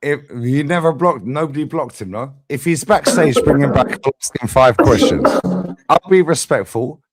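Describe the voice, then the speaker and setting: A man's voice: medium pitch, animated, normal speed, noisy background. A man hosting a heated live fan stream, bantering, swearing and laughing often. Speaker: livestream host. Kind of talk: heated livestream fan debate.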